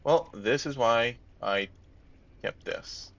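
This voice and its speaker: A man's voice: medium pitch, takes it slowly, vocal fry, lo-fi sound. A man casually commenting on his gameplay, thinking aloud and muttering to himself as he plays. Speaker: let's-play gamer.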